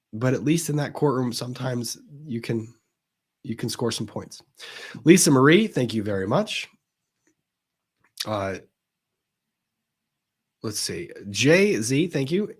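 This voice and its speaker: A man's voice: medium pitch, husky. A man who is an attorney hosting a livestream, reading viewer comments aloud and answering them frankly in a conversational way. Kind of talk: live-stream commentary reading viewer chat.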